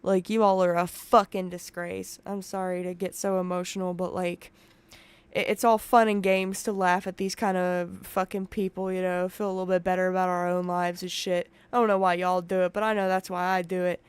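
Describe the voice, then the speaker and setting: Profane, emotional woman streamer, smooth voice. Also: on the low side, flat delivery, brisk, dry recording. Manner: emotional, profane, rambling with restarts. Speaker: commentary streamer. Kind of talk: casual reaction commentary. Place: home room with open window.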